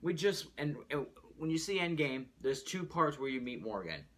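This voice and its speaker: A man hosting his own movie news show, talking casually in a rambling, animated way and swearing freely. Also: a little high, moderate pace. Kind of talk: casual solo movie commentary.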